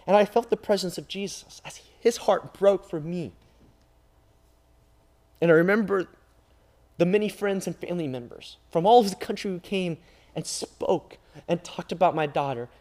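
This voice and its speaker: A man preaching an emotional sermon as a youth pastor, swinging between loud cries and hushed, near-whispered lines. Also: sits high, lively intonation, moderate pace, pauses often. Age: adult father.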